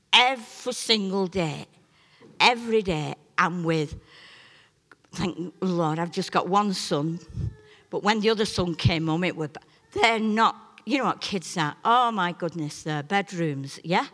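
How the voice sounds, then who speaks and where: A middle-aged woman preaches to a congregation. She tells her own story in a chatty way, then rises to loud, stretched-out emphasis before dropping back to soft asides. Her voice rings with the long echo of a large hall. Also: fairly low pitch. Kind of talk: sermon with personal testimony.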